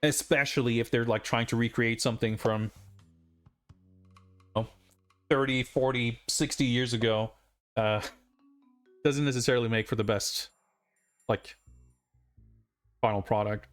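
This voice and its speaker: A man's voice: mid-range voice, steady tone, unhurried, long pauses, faint music behind. Rambling man streaming a game. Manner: rambling, many fillers and asides. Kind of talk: casual live-stream commentary.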